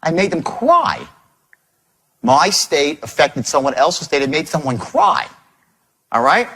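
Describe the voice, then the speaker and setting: A husky male sales trainer with a high voice that swings wildly up and down as he tells a story to a seminar. He talks in a profane, punchy way, hammering points home by repeating them. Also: unhurried. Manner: animated, profane, emphatic repetition.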